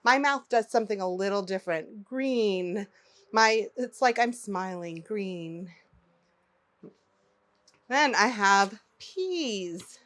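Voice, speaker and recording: A woman teaching phonics to young children, pronouncing each word slowly and clearly and inviting the listener to repeat it. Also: medium pitch, animated, a bit bright. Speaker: early-learning teacher.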